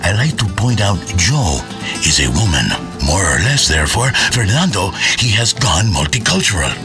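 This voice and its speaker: An actor playing a grandiose, boastful male talk radio host with a raspy voice, in a game radio comedy. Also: sits low, very animated, moderate pace, music in the background. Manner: pompous, boastful, theatrical.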